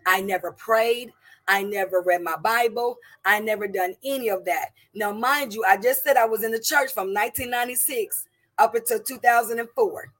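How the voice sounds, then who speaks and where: A middle-aged woman with a somewhat high voice shares her personal testimony before a congregation. She speaks with deep emotion, stumbling and restarting, repeating words as she searches for them. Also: normal speed, fairly bright tone. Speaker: church member giving testimony.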